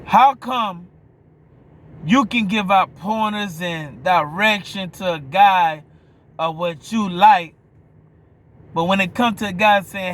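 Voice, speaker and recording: A man's voice: high-pitched, takes it slowly, long pauses, fairly bright tone. A man with a New Orleans accent giving a blunt, profane opinion monologue, often stopping to ask if you hear him. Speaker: vlogger.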